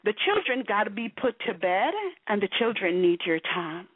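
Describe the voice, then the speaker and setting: A woman's voice: mid-range voice, expressive, moderate pace, husky, no echo. A woman gives a preachy, profane monologue to camera, emphatic and blunt, repeatedly asking "you know". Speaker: vlogger. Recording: tinny, phone-like and dry.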